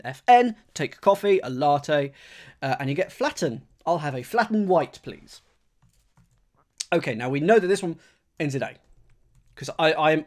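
A man with a slightly high voice works through crossword clues on a live stream. Chatting casually with viewers, he thinks aloud and rereads each clue at a slow pace.

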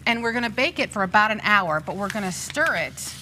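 A woman's voice: mid-range voice, animated, a little fast, noisy background. Chatty woman guest cook. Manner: chatty, laughing easily. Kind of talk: cooking demonstration. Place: TV studio kitchen.

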